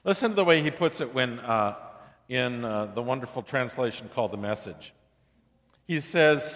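A man's voice: mid-range voice, animated, normal speed, fairly bright tone. A male pastor preaching a sermon in a chatty, conversational way, often asking the congregation questions. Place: church sanctuary. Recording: long hall reverb in a church.

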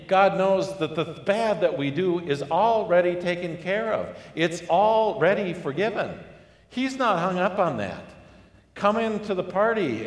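A man preaching a sermon, telling a parable with lively storytelling and acted-out voices. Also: medium pitch. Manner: animated storytelling, acting out voices. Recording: echoey hall with long reverb.

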